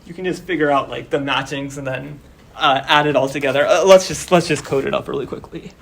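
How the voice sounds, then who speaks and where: A young man teaching a university class, talking casually and filling pauses with "like" and "um", his voice a bit worn as he starts losing it. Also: mid-range voice, steady tone, creaky, a bit bright. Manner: casual, explains step by step with many fillers. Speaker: course instructor. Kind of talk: university lecture.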